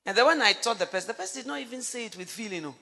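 A middle-aged woman preaching on marriage, telling a story with animated acted-out dialogue and bursts of laughter. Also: on the high side, very fast, vocal fry. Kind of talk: sermon. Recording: long hall reverb.

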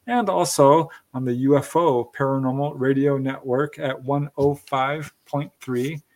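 A man's voice: medium pitch, fairly even intonation, a little slow. A man hosting a live radio and stream talk show, friendly and chatty, checking his notes as he goes. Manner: friendly, chatty, reads station info from notes. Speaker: host.

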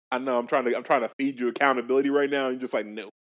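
A young man co-hosting a casual chat, animated and profane, laughing often. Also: mid-range voice, rapid-fire. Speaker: podcast co-host.

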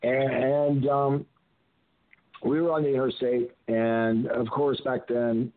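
A man's voice: mid-range voice, flat delivery, slow pace, dry recording. An older man, a retired wrestler, telling rambling stories as a guest in a phone interview, often restarting his sentences. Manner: rambling anecdotes with frequent restarts. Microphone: telephone. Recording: tinny phone line.

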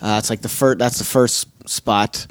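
A man guest on a podcast, telling tour anecdotes in an animated, laughing way. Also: fairly low pitch, normal speed, dry recording. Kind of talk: casual storytelling.

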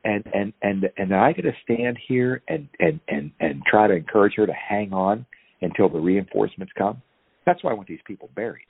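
A husky, low-voiced man talks with fiery, ranting intensity as a podcast guest, his pitch swinging widely as he pushes each point. The sound is thin and tinny like a phone line, with a dry, close feel. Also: animated, fairly quick, no room sound. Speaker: guest activist. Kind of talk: impassioned podcast interview.

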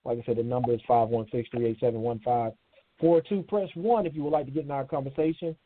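A man's voice: medium pitch, steady tone, fast. A man hosting a live talk show, chatting casually with his listeners and calling them y'all. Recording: tinny phone-like sound.

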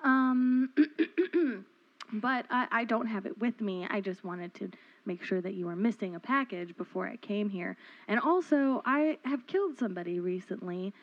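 A woman performing an improvised comedy scene, talking in a halting, playful way. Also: medium pitch, expressive. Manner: halting, playful, bursts of laughter. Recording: dull lo-fi sound.

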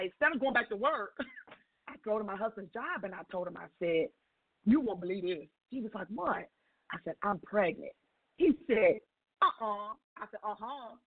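A middle-aged woman on a call-in show, telling her story in a lively way and acting out each voice in the dialogue. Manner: expressive, acts out dialogue with big pitch jumps. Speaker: call-in guest sharing a testimony. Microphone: telephone. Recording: tinny phone line.

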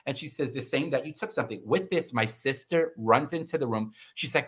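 A middle-aged man telling a personal story in casual conversation, animated and acting out the voices of the people in it. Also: fast, few pauses, slightly rough. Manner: animated, acts out quoted voices with big pitch jumps. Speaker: guest.

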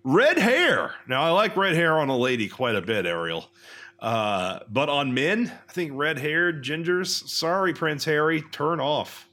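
Young male podcast co-host, blunt and boastful, bright tone. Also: fairly high pitch, big pitch swings, measured pace. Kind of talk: casual comedic chat.

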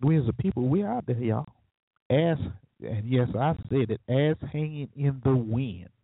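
Tinny and phone-like, with a dry sound and no room ambience, this clip features a male talk show host in an opinionated monologue. His medium-pitched voice is husky and animated at a moderate pace, and he mixes sarcastic, preachy comments with chuckling asides.

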